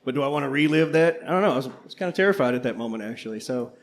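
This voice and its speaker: A man's voice: medium pitch, animated, racing. Older man, reflective and rambling. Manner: reflective, rambling, laughs often. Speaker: co-host, history teacher. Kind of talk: casual panel chat. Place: coffeehouse before a live audience.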